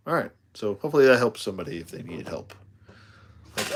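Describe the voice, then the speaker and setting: A man's voice: fairly low pitch, big pitch swings, fast talker, noisy background. A tired man chatting casually while he unboxes a toy live, rambling with self-deprecating asides. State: tired, yawning.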